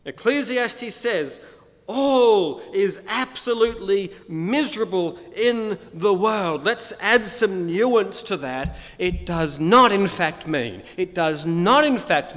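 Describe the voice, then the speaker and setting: Male preacher, high and animated, unhurried, emphatic with rhetorical questions, church reverb. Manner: emphatic, repeats key phrases, asks rhetorical questions. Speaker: pastor. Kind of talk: sermon. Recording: long reverb of a church hall.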